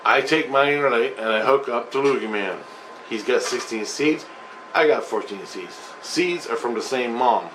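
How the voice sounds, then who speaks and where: A man's voice: mid-range voice, moderate pace. Guy rambling through a story, cussing a lot, medium voice, bit of noise in back. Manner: profane, emphatic, conversational. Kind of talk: rambling personal storytelling monologue.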